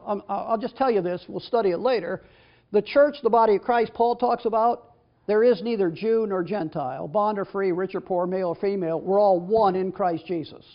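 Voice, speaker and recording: A man's voice: high voice, lo-fi sound. A man preaching a sermon and teaching from the Bible, reading scripture aloud with emphatic stress.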